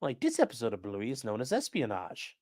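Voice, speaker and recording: A man's voice: mid-range voice, huge pitch swings, brisk, a little mellow, dry recording, studio quality. A man hosting a crime news livestream, talking casually and bluntly, swearing now and then and reading viewer comments aloud. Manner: blunt, profane, reads chat aloud. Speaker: livestream host.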